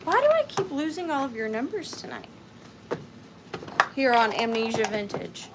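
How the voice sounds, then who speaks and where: A woman in her thirties with a Southern US accent, hosting a live vintage sale in a chatty, upbeat way with high squeals. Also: sing-song, moderate pace, very noisy. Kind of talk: casual live-stream selling chat.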